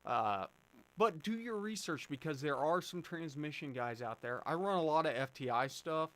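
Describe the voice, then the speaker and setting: A man's voice: a little high, expressive, normal speed, fairly bright tone. A man hosting a live stream, chatting casually and answering viewer questions with plenty of fillers and restarts. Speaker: livestream host answering chat.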